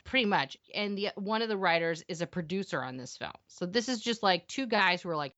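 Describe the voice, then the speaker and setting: Bright, profane woman ranting. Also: fairly low pitch, lively intonation, a little fast, highs cut off. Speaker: podcast co-host. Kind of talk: casual film-review banter.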